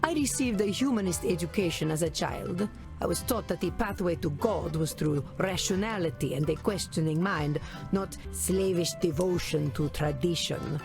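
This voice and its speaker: A woman's voice: lowish voice, normal speed, over music, lightly acted. An actress with an Italian accent voicing an imperious, scornful immortal vampire noblewoman in a video game. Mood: haughty. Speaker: therapy patient.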